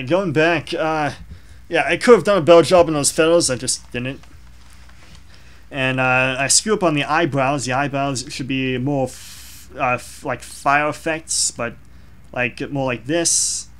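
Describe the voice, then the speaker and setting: A man's voice: fairly high pitch, unhurried, a bit bright. A young man casually talking through his own digital drawing, rambling and self-deprecating, with many fillers. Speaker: drawing vlogger. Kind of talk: casual commentary over a drawing.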